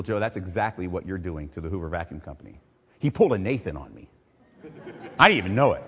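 A middle-aged male pastor preaching a sermon, swinging from loud, emphatic preaching to quiet, personal storytelling. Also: mid-range voice, slightly rough. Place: church sanctuary. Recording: long reverb of a large hall.

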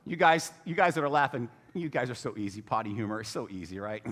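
Animated joking pastor in a reverberant church. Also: male voice, mid-range voice, quick pace. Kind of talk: humorous sermon. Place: church sanctuary.

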